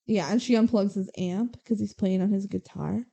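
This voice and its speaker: Young woman podcast co-host, mellow tone, chatty and sarcastic movie recap. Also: medium pitch, fairly even intonation, normal speed, vocal fry. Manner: chatty, sarcastic, quotes characters in passing. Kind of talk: casual movie recap chat.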